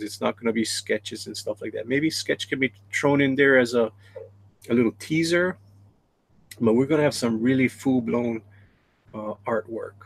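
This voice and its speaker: Stream host, male, gravelly, dry close sound, chatty chat-reader. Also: mid-range voice, no room sound, poor audio. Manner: reads chat messages aloud, chatty. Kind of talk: casual live stream chat.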